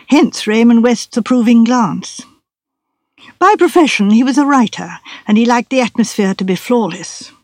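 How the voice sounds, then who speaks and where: An older woman narrating a classic mystery novel in a measured, precise storytelling manner. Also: mid-range voice, darkish tone, dry recording, studio quality. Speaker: audiobook narrator. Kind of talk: scripted narration.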